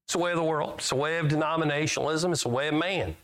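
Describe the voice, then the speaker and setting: A man's voice: on the high side, racing, fairly bright tone. A male preacher giving a sermon in a folksy way, reading scripture aloud and asking his listeners questions. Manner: folksy, asks the congregation questions; reads scripture aloud with rising emphasis.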